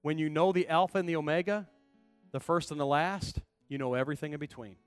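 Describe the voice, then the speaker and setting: A male pastor preaching a sermon, emphatic, building to loud, passionate calls to the congregation. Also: on the high side, steady tone, fast talker, smooth, soft background music.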